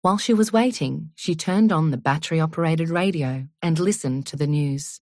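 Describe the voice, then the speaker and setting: Low-voiced woman narrating an audiobook. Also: normal speed, a little mellow, no room sound, clean studio sound.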